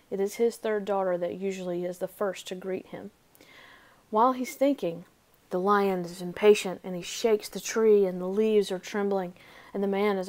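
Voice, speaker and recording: Woman storyteller, expressive read-aloud of a fairy tale. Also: medium pitch. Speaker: storybook reader.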